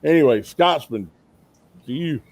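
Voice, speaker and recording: A man's voice: a little high, expressive, a little slow, vocal fry, darkish tone. A man, chatting on a live stream and telling long, rambling stories with frequent laughs. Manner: rambling storyteller who laughs often. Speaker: co-host of a shooting livestream. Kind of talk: casual live-stream chat.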